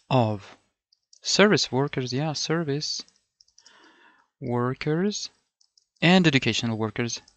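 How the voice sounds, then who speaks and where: Middle-aged guy from ukraine coaching test prep, gravelly voice, dry close sound, keeps repeating himself. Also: medium pitch, fairly bright tone, no room sound. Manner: rambling, repeats words, many fillers and self-corrections. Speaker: language test tutor. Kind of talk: thinking-aloud lesson over a screen.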